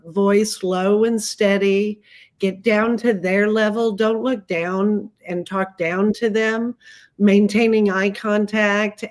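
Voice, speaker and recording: A woman speaking as a guest expert on a livestream, giving calm, practical advice on dementia care with frequent ums. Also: medium pitch. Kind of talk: livestream panel talk.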